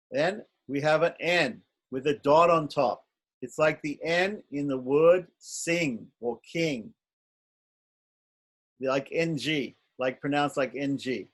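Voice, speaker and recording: Slow, patient male Sanskrit teacher. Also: fairly high pitch. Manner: careful, repeats each sound slowly. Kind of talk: slow, patient online lesson.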